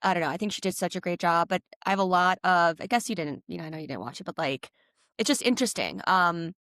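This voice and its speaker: A woman's voice: fairly low pitch, fast talker, fairly bright tone, no echo, clean studio sound. A woman co-hosting a podcast in casual chat, rambling with lots of "like" and "um". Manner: chatty, fillers like "like" and "um". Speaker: podcast co-host.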